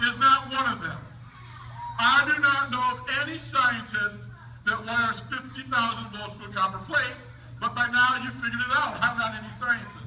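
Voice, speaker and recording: A man's voice: extremely high pitch, sharp tone, distant mic, a little hiss or hum. A man from the northern United States presenting a comedic science show for schoolchildren, playful and teasing like a showman. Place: school auditorium with a live audience. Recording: echoey hall recording.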